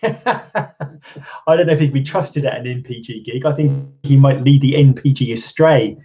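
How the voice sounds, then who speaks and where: A man's voice: mid-range voice, measured pace, dark tone, muffled recording. A man from England hosting a casual live stream, rambling with lots of ums and restarts and chuckling often. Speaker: channel host. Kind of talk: casual live-stream chat reading viewer comments.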